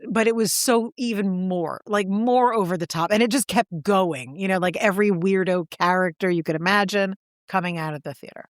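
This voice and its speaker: A woman co-hosting a podcast, chatting and telling stories with animated impressions. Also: mid-range voice, normal speed, no room sound, clean studio sound. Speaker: podcast co-host. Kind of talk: casual chat.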